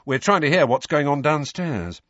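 A cheeky teenage boy, voiced by a male reader, talks in a teasing, sarcastic way, pitched above the narration. The storybook reading is dry and slightly dull. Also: big pitch swings, moderate pace, fairly bright tone, no room sound. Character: Fred, cheeky joking teenage twin boy.

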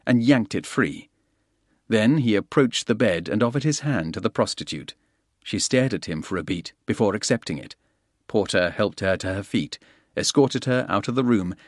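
A man narrating a thriller audiobook in a steady, brisk reading. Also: on the low side, no room sound, clean studio sound. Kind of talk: scripted narration.

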